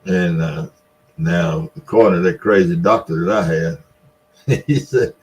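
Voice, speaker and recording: A Mississippi Delta vlogger in his 70s, from the USA, tells a long story casually and folksily, laughing between lines in his Southern accent. His voice sits low with a darkish tone, and he speaks a little slowly.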